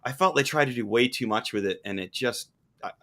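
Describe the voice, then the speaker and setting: A man hosting a casual chat, enthusiastic and quick to laugh. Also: mid-range voice, pushed and bright. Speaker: host.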